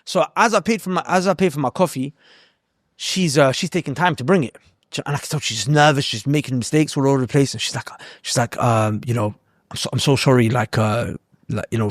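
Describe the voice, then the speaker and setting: A man's voice: on the high side, dry recording, clean studio sound. A young man, telling stories in a casual, slangy podcast chat and often repeating himself. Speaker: podcast host.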